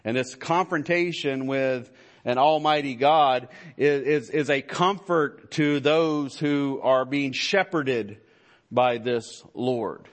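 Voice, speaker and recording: A church pastor delivers a sermon in a medium-pitched voice. He starts out halting, full of fillers and restarts, then builds into emphatic fervor.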